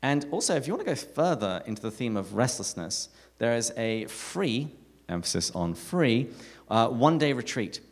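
A man with an English accent giving a live talk to an audience, telling stories with animated, self-mocking humour. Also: medium pitch, normal speed. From England. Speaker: speaker at a parish talk night. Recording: echoey hall reverb.

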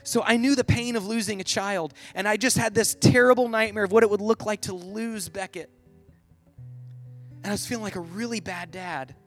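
A man's voice: high-pitched, steady tone, moderate pace, faint music behind. A middle-aged man telling a personal story in a sermon, then leading into prayer, earnest and vivid with lots of "like". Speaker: Catholic speaker.

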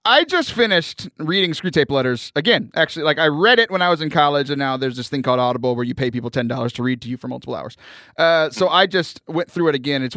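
A man's voice: a little high, a bit bright, no room sound. A man from the United States hosting a podcast in casual interview chat, chatty and jokey, often restarting his sentences. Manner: chatty, jokey, stumbles over starts. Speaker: podcast host.

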